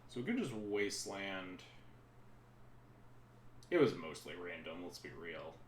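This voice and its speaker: A man with a low voice and big pitch swings speaks at a measured pace while streaming a card game in a room at home. Reverb and slight background noise surround his chatty, rambling commentary, which he keeps interrupting mid-sentence.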